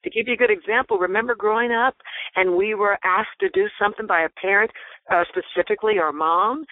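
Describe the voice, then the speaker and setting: A woman's voice: medium pitch, dry recording. A woman talks through a tinny, phone-like line that sounds completely dry. She explains things in an emphatic, teacherly way, swinging her voice up and down to drive each point home. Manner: animated, emphatic, teacherly speaking. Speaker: guest speaker on body language. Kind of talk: interview on a phone call.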